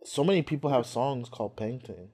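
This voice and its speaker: A man's voice: medium pitch, expressive, brisk, a little mellow, slightly rough. Profane, laid-back young man joking around. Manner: loose, profane, laughing explainer. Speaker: podcast co-host. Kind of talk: casual chat reacting to music videos.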